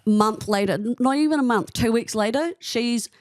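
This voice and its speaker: A woman's voice: a little high, moderate pace, no room sound, studio quality. Chatty New woman telling gossip. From New Zealand. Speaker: guest. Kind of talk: casual podcast chat.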